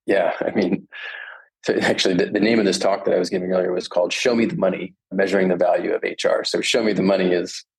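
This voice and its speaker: A man's voice: deep voice, little pitch movement, fast talker, vocal fry, breathy edge, low-quality recording. A man who is a management professor, speaking as a podcast guest and explaining research in a thoughtful, storytelling way. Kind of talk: conversational explanation.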